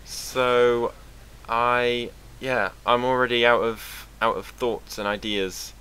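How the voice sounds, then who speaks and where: A young British man from England talking to camera in a casual, rambling vlog, sarcastic and quick to swear. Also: medium pitch, little pitch movement, sharp tone, smooth. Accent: British English. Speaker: vlogger.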